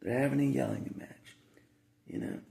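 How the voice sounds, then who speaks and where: Man, gravelly fry-heavy voice, rambling casual monologue, lots of repeats and asides. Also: medium pitch, steady tone, moderate pace, mellow.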